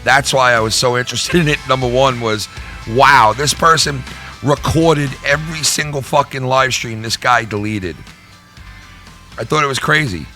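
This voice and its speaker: A man's voice: medium pitch, normal speed, bright, forceful tone, faint music behind. A middle-aged man hosting his own channel, ranting in a heated, profane way and repeating himself. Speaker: YouTube channel host. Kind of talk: vlog rant to viewers.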